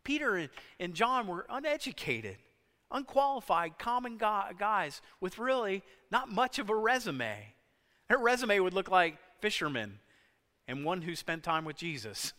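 A man preaching a sermon, emphatic, swinging between loud stresses and hushed lines. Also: high voice, sing-song, measured pace. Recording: long hall reverb.

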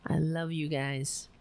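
Slow, profane woman ranting. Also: low-pitched, vocal fry, darkish tone, clear, resonant tone. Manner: profane, exasperated, sarcastic. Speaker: livestream host. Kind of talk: casual political rant.

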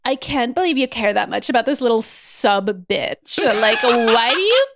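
A woman's voice: fairly high pitch, sing-song, normal speed, noisy background. A woman mimicking a haughty, scornful woman villain in a dismissive drawl.

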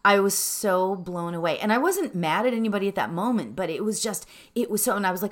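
A middle-aged woman teaching meditation, chatting with animated reflection and then guiding breathing in a calm, soft voice. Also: mid-range voice, quick pace, few pauses. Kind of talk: casual talk leading into guided meditation.

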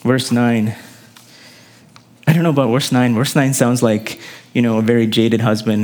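A man preaching a sermon in an earnest way, his emphasis climbing on key phrases and then dropping low. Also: normal speed. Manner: earnest preaching with rising emphasis and sudden drops. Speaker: pastor.

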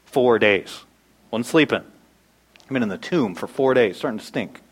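A man in his thirties preaching a sermon, animated, swinging from loud bursts to hushed asides. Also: mid-range voice, a little slow, slightly rough, low-quality recording. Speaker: pastor.

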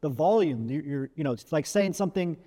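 A man's voice: on the high side, lively intonation, brisk, dark tone, in a large hall. A man giving career advice to camera, talking casually with frequent asides and demonstrating ways of using the voice. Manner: demonstrates vocal techniques, shifts emphasis and volume; conversational, frequent "right?" asides and restarts. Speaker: career coach.

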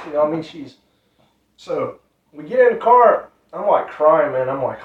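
A man with a fairly high, expressive voice at a moderate pace tells a ministry testimony. He's earnest and repetitive, casual with loose grammar, and the sound is roomy, distant and dull.

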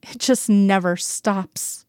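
A woman's voice: medium pitch, slow pace, a little mellow, clean tone, no room sound, studio quality, close to an everyday voice. A woman voicing a desperate male FBI agent who is coming apart, speaking in a strained murmur in a storybook reading. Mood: anguished.

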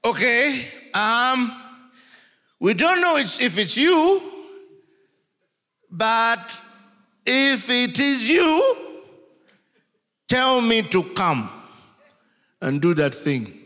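A man voicing an excited male disciple who pleads eagerly in a raised voice, in an echoey church hall. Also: extremely high pitch, drawn-out words, long pauses, voice pushed up, exaggerated voice.

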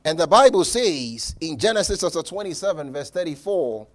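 A man preaching a sermon as pastor, emphatic, with repeated words and dramatic pauses. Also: a little high, very animated.

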